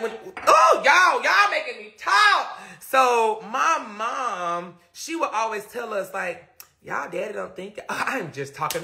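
A man with a high, sharply bright voice tells a story on a live stream. He is animated and laughs as he goes, talking straight to his viewers.

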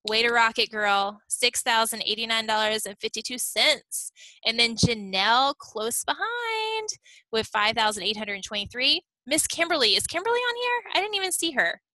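A woman's voice: on the high side, big pitch swings, normal speed, sharp tone, no room sound, rough recording. A woman leading a team meeting on a video call, upbeat and chatty, checking in often with "okay?". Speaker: team leader.

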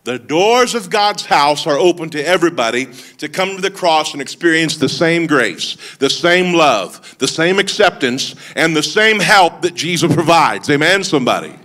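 A man's voice: a little high, lively intonation, moderate pace, few pauses, bright, forceful tone. A man preaching a sermon as lead pastor, telling stories with humorous asides and calling out to the congregation for responses. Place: church service.

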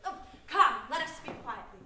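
A young woman acting a bold, sharp-tongued servant in a live stage play, teasing and mock-soothing her master. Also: sits high, expressive, normal speed, slight background noise, heavily acted. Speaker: stage actor. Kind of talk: live theater performance. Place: small black box theater. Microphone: distant room mic. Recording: roomy stage sound from far off.

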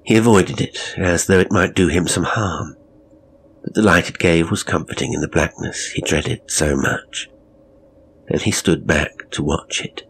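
A man narrating a horror story in a measured, dramatic, brooding way. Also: low-pitched, gravelly, fairly bright tone, a little hiss or hum.

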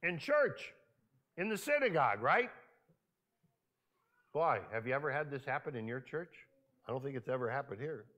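Lively, bright-voiced preacher man. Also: mid-range voice, moderate pace, long pauses. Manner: conversational, asks the congregation frequent questions. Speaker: pastor. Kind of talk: sermon. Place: church sanctuary.

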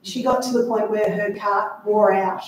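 A woman author speaking to a library audience, lively and chatty with wry asides, recorded from far off in an echoey room. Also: medium pitch, moderate pace, slight background noise. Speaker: author giving a library talk. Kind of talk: talk and audience Q&A.

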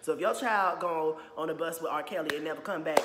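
A man's voice: fairly high pitch, fast talker, hardly any pauses, noisy background. A young man ranting in a casual opinion vlog, blunt and profane, repeating "you know what I'm saying" again and again. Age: young adult. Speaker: YouTuber. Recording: echoey room with long reverb.

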